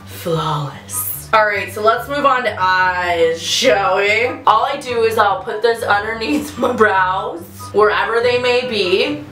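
A woman's voice: medium pitch, takes it slowly, pushed and bright, roomy sound, faint music behind, rough recording. Giggly nervous woman vlogger. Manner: giggly, self-mocking, nervous chatter. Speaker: beauty vlogger. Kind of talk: casual makeup tutorial chat.

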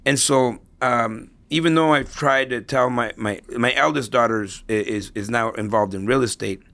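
Middle-aged guy on a podcast, gravelly voice, rambly storyteller who keeps restarting his words. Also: medium pitch, normal speed, fairly bright tone. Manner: repeats and restarts words, tells anecdotes to make a point. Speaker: podcast guest. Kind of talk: casual interview storytelling.

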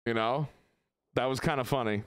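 A man's voice: medium pitch, moderate pace, smooth. A man streaming a game, chatting casually with his viewers, swearing and joking as he rambles. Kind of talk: casual live-stream chat.

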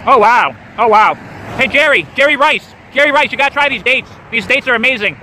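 Picture a football star who cannot stop raving and keeps calling a teammate over in a chummy, excited way. A man plays him with a high, bright tone, outdoors beside a road. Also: a little fast, a little hiss or hum, full character voice. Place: roadside outdoors.

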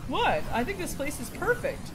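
A woman's voice: high voice, huge pitch swings, normal speed, over loud music. A woman voicing an eager, stubborn dad set on a camping trip in a game role-play, upbeat and insistent. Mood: cheerful. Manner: upbeat, insistent, bursts into yelling. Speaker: roleplay gamer.

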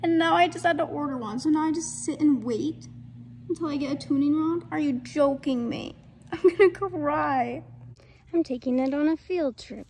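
Young woman, high voice, excitable, self-mocking, casual vlog chat, faint room noise. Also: moderate pace. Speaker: vlogger.

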